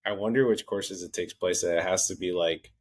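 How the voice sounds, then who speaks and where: A man with a notably deep, low voice co-hosts a golf podcast, chatting loosely at a brisk clip. He tells a long, rambling story full of fillers and restarted sentences, his tone easygoing and relaxed.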